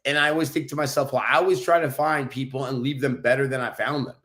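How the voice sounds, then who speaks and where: A man co-hosting a podcast and telling stories in a loud, brash, profane way. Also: mid-range voice, steady tone, fast talker. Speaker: podcast co-host. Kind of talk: casual chat, storytelling.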